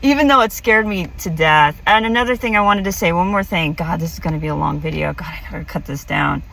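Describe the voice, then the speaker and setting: Gravelly woman rambling through a story. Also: lowish voice, fast, fairly bright tone, distant mic, low-quality recording. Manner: rambling, filler-heavy, self-interrupting. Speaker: vlogger. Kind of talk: casual personal storytelling.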